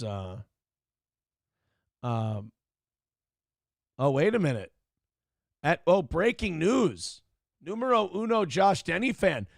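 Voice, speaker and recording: Gravelly profane livestream host. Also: male voice, a little high, no echo, clean studio sound. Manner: rambling, profane, sarcastic, reads comments aloud. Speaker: show host. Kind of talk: casual political commentary livestream.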